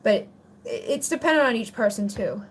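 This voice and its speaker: A woman's voice: on the high side, lively intonation, normal speed, slightly rough. A woman hosting a casual livestream Q&A on spiritual topics, chatty and rambling with plenty of "like" fillers. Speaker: spiritual channel host answering viewer questions.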